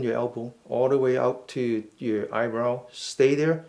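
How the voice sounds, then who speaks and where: Man guiding slow stretches. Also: mid-range voice, gravelly, darkish tone. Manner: slow, step-by-step cues with frequent "okay?". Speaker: mindful fitness instructor. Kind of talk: guided stretching instruction.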